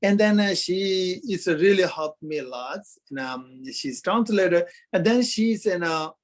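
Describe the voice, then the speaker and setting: A Tibetan man in his fifties, a Buddhist lama, tells his story in hesitant broken English with many pauses and fillers. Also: sits high, expressive. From Kham, Tibet. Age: 50s. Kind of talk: halting interview storytelling.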